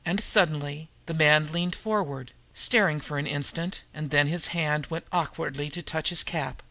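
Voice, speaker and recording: A man reading a novel aloud in measured, even storytelling narration. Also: fairly high pitch, dry recording. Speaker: audiobook reader. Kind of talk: scripted narration.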